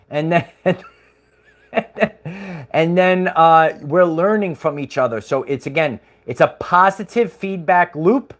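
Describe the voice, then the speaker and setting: A man's voice: fairly high pitch, slow pace. A man hosting a livestream, chatting casually in a rambling way with chuckles and many fillers. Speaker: livestream host.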